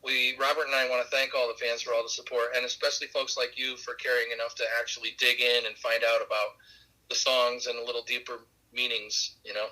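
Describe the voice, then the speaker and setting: A musician being interviewed on a podcast, telling relaxed stories with many fillers and light laughs. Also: male voice, mid-range voice, a little fast, low-quality recording. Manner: warm anecdotal, laughs along, many fillers. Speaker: musician guest.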